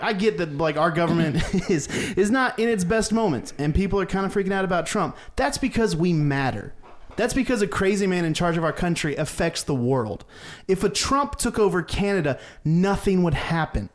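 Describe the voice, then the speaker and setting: Comedian podcast co-host, male, higher-pitched, deadpan roast delivery. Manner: mock-serious, deadpan roast; laughs at his own jokes. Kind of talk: comic rant on a podcast.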